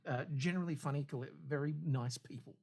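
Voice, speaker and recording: A man's voice: mid-range voice, brisk, a little mellow. A man co-hosting a podcast in casual chat, rambling and hesitant with dry humor. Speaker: podcast co-host.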